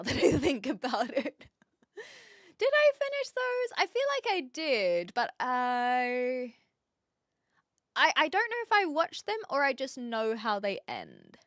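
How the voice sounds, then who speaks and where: A giggly young woman streamer chatting with her viewers in a bright, sharp voice that sits a little high. She talks slowly, and the sound is dry and close, with no room echo. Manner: giggly, laughs often. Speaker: live streamer. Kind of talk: casual chat with viewers.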